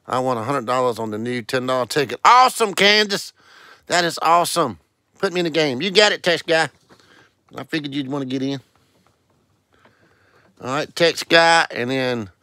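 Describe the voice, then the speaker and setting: A man's voice: fairly high pitch, sharp tone, no echo. A man hosting a casual live stream, greeting viewers one by one in a sing-song way and calling out scratch-ticket numbers. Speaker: livestream host.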